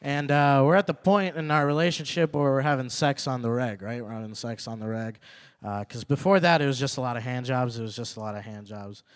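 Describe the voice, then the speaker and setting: A young man performing a stand-up set at an open mic, repeating his punchlines and working up to loud, indignant rants. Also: mid-range voice, fairly quick, smooth. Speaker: stand-up comedian. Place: open mic comedy night venue.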